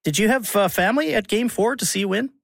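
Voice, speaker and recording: Friendly male radio host, kinda high, dry close sound, trips on words sometimes. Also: quick pace, gravelly, dry recording. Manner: friendly, conversational, stumbles over words now and then. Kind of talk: radio interview.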